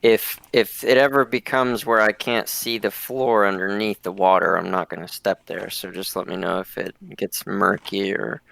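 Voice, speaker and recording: A man's voice: fairly low pitch, level tone, normal speed, creaky, hardly any pauses, a bit bright, dry recording. A man playing an online tabletop game, carefully describing his character's actions in first person, with fillers. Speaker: player.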